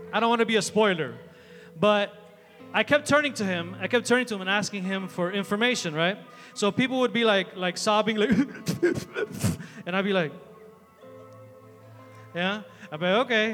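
A man giving a youth sermon in a large hall with an audience, telling a story in a chatty, energetic way full of fillers. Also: high-pitched. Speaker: youth preacher.

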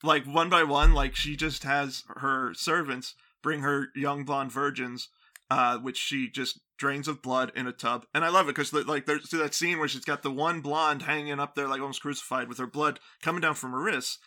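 A man's voice: mid-range voice, steady tone, moderate pace, pushed and bright. A man co-hosting a casual movie-review chat, sarcastic and incredulous as he picks apart plot holes. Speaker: podcast co-host.

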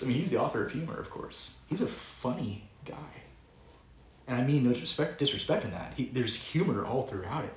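A man's voice: medium pitch, expressive, a little fast. Playful man preaching in a roomy church. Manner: conversational, playful preaching with frequent chuckles. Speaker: pastor. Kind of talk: sermon. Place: church sanctuary.

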